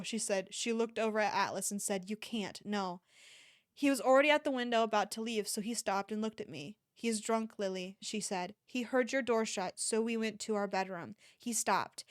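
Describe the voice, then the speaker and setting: Woman reader, fairly high voice, dry close mic, casual novel reading with small stumbles. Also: no echo. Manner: reads in a low, quiet voice with occasional stumbles and restarts. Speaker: streamer reading a novel aloud. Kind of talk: casual read-aloud of a novel. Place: home streaming setup.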